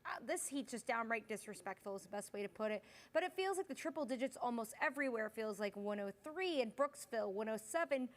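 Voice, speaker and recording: A young woman meteorologist hosts a live weather stream in a relaxed, chatty way, reading out viewer comments as she goes through the forecast. Her voice sits a little high, and she sounds tired, stifling yawns between updates. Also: fairly quick, hardly any pauses. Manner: chatty, reads viewer comments, yawning and apologizing. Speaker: meteorologist, fill-in host.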